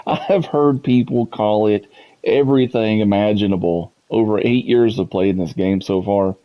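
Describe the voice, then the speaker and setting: Gaming YouTuber, man, low mellow voice, chatty and amused. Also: moderate pace, low-quality recording. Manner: chatty, amused, laughs often. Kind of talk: casual chat to viewers.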